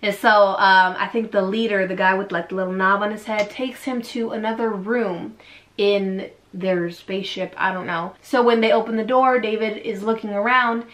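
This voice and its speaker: A woman's voice: medium pitch, fairly even intonation, moderate pace, fairly bright tone. A woman vlogger casually retelling a strange story, sassy and slangy, acting out the quotes.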